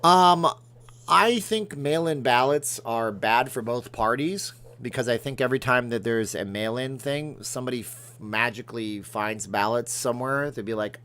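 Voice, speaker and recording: A man's voice: medium pitch, moderate pace, fairly bright tone, slight background noise. A middle-aged man from Canada hosting a casual livestream, reading viewer comments and rambling between jokes and remarks to his cat. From Alberta, Canada. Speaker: livestream host.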